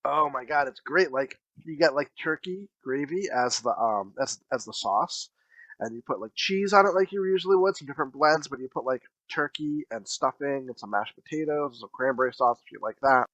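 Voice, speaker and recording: A man's voice: medium pitch, brisk, a bit bright, no echo, dull audio. A man co-hosting a podcast, joking around with profanity and frequent laughter in casual chat. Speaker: podcast co-host.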